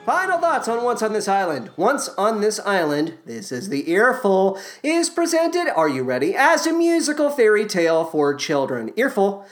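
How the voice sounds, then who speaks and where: A woman's voice: mid-range voice, big pitch swings, normal speed, hardly any pauses, faint music behind. A woman hosting a podcast and giving commentary on a musical, with a dry, sardonic manner. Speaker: podcast host.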